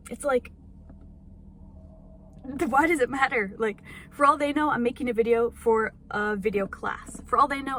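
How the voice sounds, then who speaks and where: A woman's voice: on the high side, a little hiss or hum. A young woman vlogging from inside a parked car, rambling and self-conscious with lots of fillers, talking into her phone. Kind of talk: casual vlog monologue.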